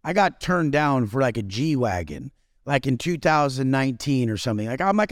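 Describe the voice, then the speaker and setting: A man's voice: medium pitch, very animated, moderate pace, no echo, studio quality. A man speaking as a podcast guest in brash, intense, profanity-heavy casual chat.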